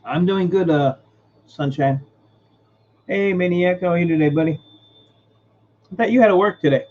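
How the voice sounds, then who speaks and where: In lo-fi, darkish-toned audio, a high-voiced man hosts a relaxed stream at a moderate pace, welcoming viewers by name and muttering while he sorts out his setup.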